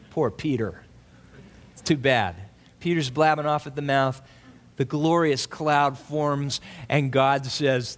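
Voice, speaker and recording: A man teaching a Bible passage in a sermon, animated and asking listeners to read along with him. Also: sits high.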